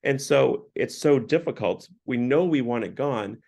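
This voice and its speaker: A man's voice: mid-range voice, expressive, measured pace, vocal fry, darkish tone. A man giving an earnest, casual parish talk with many "like" fillers. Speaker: parish speaker. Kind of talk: sermon talk.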